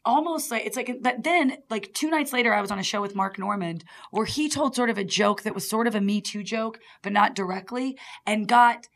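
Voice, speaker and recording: Fast-talking woman telling comedy stories. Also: mid-range voice. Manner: animated storyteller, acts out quotes. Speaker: stand-up comic guest. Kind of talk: casual chat. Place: radio studio.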